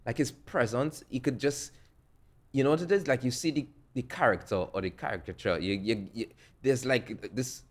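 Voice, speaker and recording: A man's voice: mid-range voice, normal speed. A young man, telling stories in a laid-back way as a music producer on a podcast, laughing often. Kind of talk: casual interview chat.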